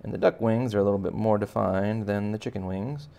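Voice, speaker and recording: A man with a deep, gravelly voice leads a relaxed drawing lesson for kids. He talks the viewer through each step and tosses in playful jokes as he draws. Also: fairly quick. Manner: chatty, joking asides while sketching. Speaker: art teacher. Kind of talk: casual drawing tutorial for kids.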